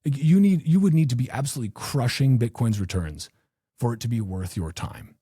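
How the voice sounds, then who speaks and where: A man's voice: mid-range voice, fairly quick, mellow, breathy edge, dry recording, clean studio sound. A man hosting a podcast, rambling in a casual, profane and self-mocking live-stream monologue. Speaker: podcast host.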